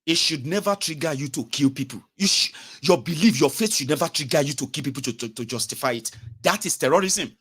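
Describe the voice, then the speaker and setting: A young Nigerian man with a Nigerian English accent and Pidgin, giving a casual, animated commentary monologue as host. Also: on the high side, a little fast, slightly rough. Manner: animated, mocking, switches to Pidgin and Yoruba.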